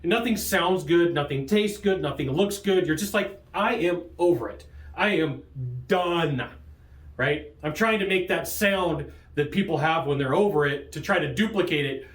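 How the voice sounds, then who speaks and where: Lively, jokey man with a raised voice. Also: normal speed, few pauses. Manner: lively, jokey, laughs often, big pitch jumps. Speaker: sales trainer and show host. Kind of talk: energetic coaching monologue. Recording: roomy echo.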